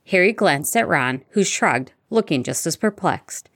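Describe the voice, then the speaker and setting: A woman narrating a fan fiction audiobook in a steady storytelling manner. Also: on the low side, unhurried, no echo, studio quality.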